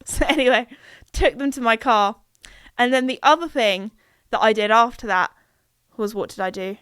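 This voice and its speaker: Chatty young woman, smooth voice. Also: fairly bright tone, no echo, studio quality. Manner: chatty, self-mocking, acts out her own quoted remarks in higher voices. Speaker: podcast host. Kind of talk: casual storytelling monologue.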